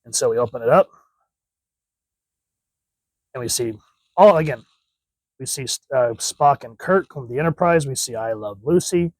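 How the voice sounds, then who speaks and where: A man reviews a comic in an easygoing, rambling way, stopping himself with "like" and "wait a minute" asides. His pitch sits in a middle range. The sound is dry and close, with no room echo. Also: lively intonation, normal speed, pauses often.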